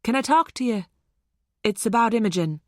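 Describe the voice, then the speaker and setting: A woman voicing a gentle, calm teenage boy who talks in a reassuring way. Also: a little high, normal speed, no echo, clean studio sound, lightly acted. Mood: urgent.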